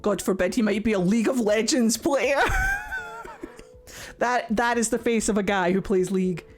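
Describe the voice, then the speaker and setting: A young woman giving casual reaction commentary, mocking and excitable, who swings between shrieks and low grumbles and swears a lot. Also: brisk, soft background music. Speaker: streamer reacting to a game.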